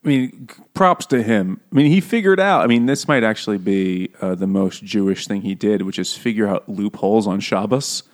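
A man co-hosting a podcast, joking quickly and laughing often. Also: on the low side. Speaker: podcast co-host. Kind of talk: casual chat.

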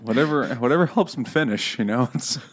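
A man's voice: mid-range voice, animated, brisk, slight background noise. A man co-hosting a casual book podcast, mocking the characters with sarcastic quoted voices. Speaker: podcast co-host. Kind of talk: casual book-club chat.

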